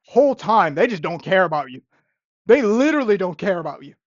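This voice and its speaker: A woman's voice: medium pitch, sing-song, a little fast, no room sound. A young woman, a restaurant busser, ranting in a vlog monologue with sarcastic exasperation and repeated phrases. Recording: dull, lo-fi and dry.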